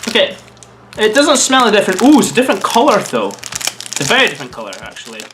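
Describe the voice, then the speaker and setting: A man's voice: high-pitched, fast, slight background noise. A man from Scotland vlogging a casual taste-test review, chatty and thinking aloud while he eats. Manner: chatty and animated, muses aloud while eating.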